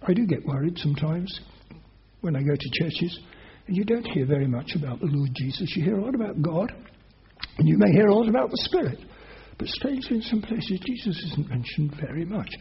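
A man's voice: fairly high pitch, animated, a little fast, lo-fi sound. A man preaching a sermon as pastor, earnest and emphatic, pressing his listeners with rising questions.

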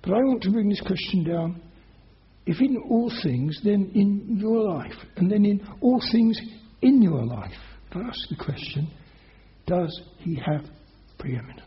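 A man's voice: high voice, expressive, unhurried, highs cut off. A man preaching a sermon as pastor, earnest and emphatic, pressing his listeners with rising questions.

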